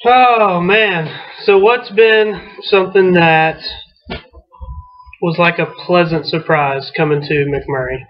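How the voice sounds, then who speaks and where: A man's voice: high voice, takes it slowly. Joking man hosting a snack chat. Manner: relaxed, joking, talks while eating. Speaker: softball coach, show host. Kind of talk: casual interview chat. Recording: muffled lo-fi recording.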